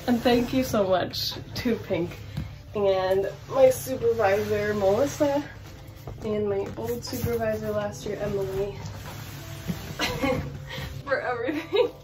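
A woman's voice: medium pitch, moderate pace, over music. A 21-year-old woman chatting in an unboxing vlog, gushing and rambling with constant "like" and "literally.". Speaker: campus brand rep.

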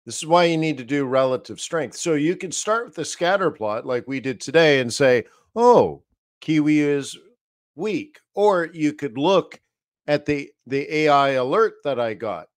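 A man's voice: fairly high pitch, animated, moderate pace, no echo, clean studio sound. Rambling man reading market charts. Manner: casual, rambling, talks to himself while reading charts. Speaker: trading analyst host. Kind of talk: live market analysis stream.

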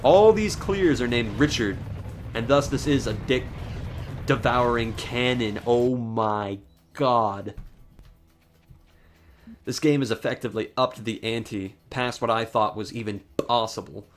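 A man giving profane, sarcastic, excitable commentary over his own gameplay. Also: mid-range voice, takes it slowly, faint music behind. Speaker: gaming commentator. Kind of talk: let's play commentary.

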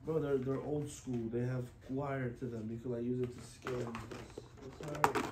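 A man's voice: mid-range voice, steady tone, normal speed. A man who is a barber, chatting casually in a laid-back, matter-of-fact way. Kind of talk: casual chat. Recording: echoey room with noise.

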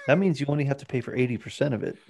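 Gravelly-voiced man cracking crude jokes. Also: mid-range voice, lively intonation, racing. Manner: loud, crude joking, goofy. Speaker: podcast co-host. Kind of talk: casual podcast banter.

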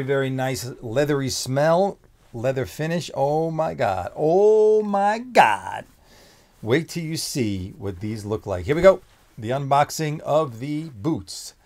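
A middle-aged man who owns a menswear shop, unboxing products in an excited, exclaiming, rambling vlog. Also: medium pitch. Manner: enthusiastic, exclaiming, loosely rambling.

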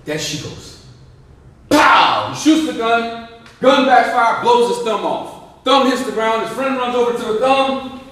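A veteran man giving a lively motivational speech, joking and asking the crowd questions. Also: very high voice, moderate pace. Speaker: guest speaker, veteran. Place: large indoor hall. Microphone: distant microphone. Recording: echoey hall, distant mic.

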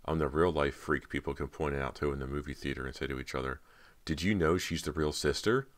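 A man voicing a nervous, emotional teenage girl, his voice lifting higher as she pleads. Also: fairly quick. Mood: brooding. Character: anxious teenage girl, eager and yearning.

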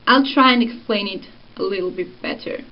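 A young woman, whose first language is Swiss German, casually explains pronunciation in a vlog lesson, using examples in an easygoing way. Her voice is medium in pitch at a moderate pace, and the high frequencies are cut off.

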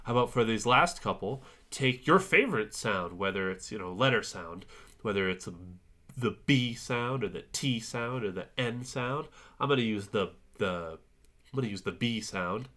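A man teaching a virtual music lesson to young children, cheerfully guiding them through warm-ups and counting along. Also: lowish voice, animated, normal speed.

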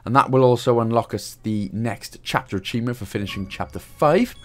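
A man's voice: mid-range voice, a little fast, soft background music. A man with a Welsh accent giving a casual, jokey game walkthrough, swearing now and then. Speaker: gaming guide host.

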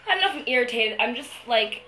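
A young woman talking to the camera in a video diary, venting her frustration, swearing a lot and pausing often with fillers. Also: on the high side, expressive, pushed and bright, poor audio. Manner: hesitant, many fillers. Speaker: vlogger.

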